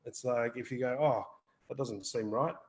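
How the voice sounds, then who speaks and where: A man's voice: medium pitch, normal speed, a little hiss or hum, poor audio. A man co-hosting a live wellbeing Q&A, talking earnestly in a rambling way, repeating words and swearing casually. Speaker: wellbeing co-host. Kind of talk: live Q&A chat.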